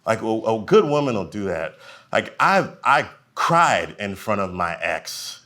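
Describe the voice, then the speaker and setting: Performing stand-up at a live comedy venue, a man in his forties speaks with a fairly low pitch at a measured pace. He tells stories with animation, acting out the voices of the people in them.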